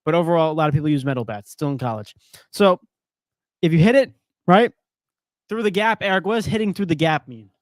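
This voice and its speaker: A man's voice: a little high, brisk, long pauses, dry recording. A man co-hosting a casual sports podcast, playful and teasing. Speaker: podcast co-host.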